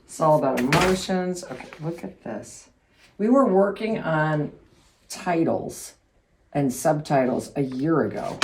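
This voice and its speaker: A woman's voice: low-pitched, measured pace, a little mellow. A woman thinking aloud in a casual vlog as she leafs through pages, chatty and informal. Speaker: author and host. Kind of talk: casual vlog while sorting papers. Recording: noisy handheld recording.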